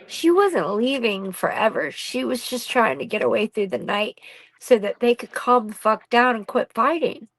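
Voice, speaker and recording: A woman's voice: a little high, animated, moderate pace, a bit bright, no echo, low-quality recording. Middle-aged woman, guest storyteller, blunt and salty-mouthed, dry close recording. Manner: blunt and raw, swears freely. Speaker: podcast guest, bereaved mother. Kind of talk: candid personal storytelling.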